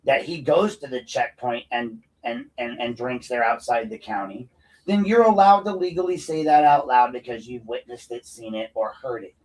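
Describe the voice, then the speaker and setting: A man's voice: medium pitch, normal speed, far from the mic, low-quality recording. Profane, combative man ranting off-mic. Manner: profane, combative, gets loud and heated. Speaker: podcast host. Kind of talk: unscripted ranting monologue.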